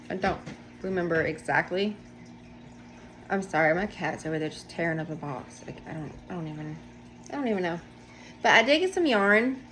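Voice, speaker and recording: A woman's voice: medium pitch, a bit bright. A woman chats casually about her projects from home, rambling and poking fun at herself in an everyday middle voice. The recording carries a faint hiss underneath her talk. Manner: chatty, rambling, self-deprecating. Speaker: knitting podcast host. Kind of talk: casual show-and-tell chat. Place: home, indoors.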